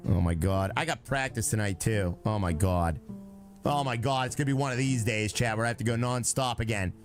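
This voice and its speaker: A man's voice: fairly low pitch, a little fast, faint music behind. A young man live-streaming a game, chatting with his viewers and talking himself through it in a joking way. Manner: chatty, talks to himself and chat; joking, breaks into sung lines.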